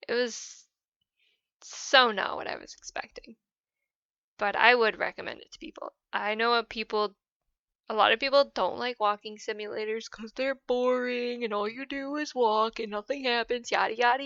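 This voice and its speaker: Bright-voiced woman in an emotional game reflection. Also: on the high side, gravelly, dry recording, highs cut off. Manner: hesitant, rambling, many "I don't know"s; soft and emotional. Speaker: gaming channel host. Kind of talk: casual post-game reflection.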